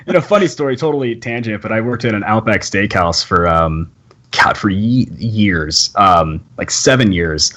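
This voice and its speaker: A man's voice: fairly low pitch, unhurried, a crowd in the background. A man from Texas hosting a casual live-stream chat, talking loosely with frequent laughs, fillers and restarts. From Texas, USA. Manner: chatty, laughs often, many fillers and restarts. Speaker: podcast host.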